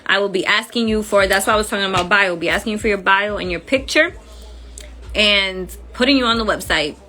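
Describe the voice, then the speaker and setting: A woman's voice: medium pitch, fairly quick, pushed and bright. A woman with an accent hosting a casual phone livestream, chatty and friendly, using informal slang. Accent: accented English. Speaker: livestream host.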